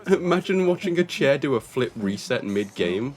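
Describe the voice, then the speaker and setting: A man's voice: medium pitch, sing-song, moderate pace. A young man with a teasing manner, laughing constantly while chatting with friends during a reaction stream. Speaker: streamer co-hosting a reaction video. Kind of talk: casual chat.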